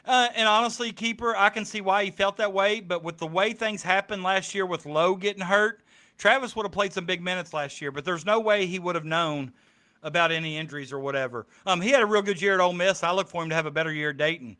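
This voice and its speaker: A man's voice: high-pitched, fast talker, sharp tone. A man chatting casually on a streamed podcast, rambling with many ums. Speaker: podcast co-host. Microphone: streaming mic.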